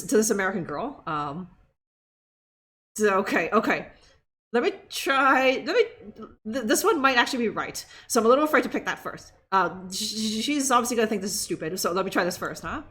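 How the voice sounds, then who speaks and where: Lively, laughing woman streamer. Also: fairly high pitch. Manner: laughing, sarcastic, swears, chatty. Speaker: streamer playing a game. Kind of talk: casual game commentary.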